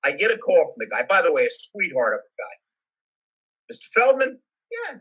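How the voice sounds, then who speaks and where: A man's voice: a little high, huge pitch swings, fast, fairly bright tone, slightly rough, highs cut off. A salesman telling a funny story from his own career in a casual, self-mocking way.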